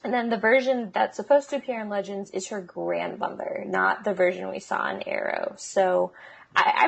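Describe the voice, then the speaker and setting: A woman co-hosting a casual podcast, chatting and explaining with plenty of ums and little laughs. Her voice sits a bit low and carries a gravelly edge. It also sounds a touch husky. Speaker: podcast co-host. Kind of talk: casual chat.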